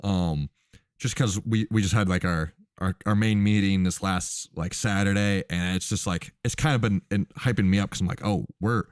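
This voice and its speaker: A man's voice: low voice, normal speed, clean tone, no echo, studio quality. A man hosting a podcast in casual chat, upbeat and rambling as he talks. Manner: rambling, upbeat, many fillers and restarts. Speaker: host.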